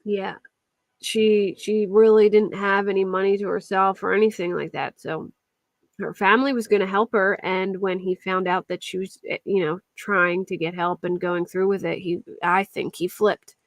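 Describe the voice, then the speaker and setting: A woman's voice: mid-range voice, fairly even intonation, moderate pace, dry recording. Chatty young woman streaming true crime. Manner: chatty, reads and answers viewers' comments. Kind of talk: casual live-stream chat. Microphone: desk mic at a computer.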